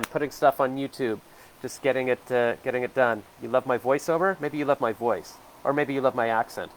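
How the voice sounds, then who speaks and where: A medium-pitched man in his forties vlogs from home, musing casually about himself to the camera. His talk meanders with hesitations and fillers throughout, and a faint hiss or hum sits under the audio.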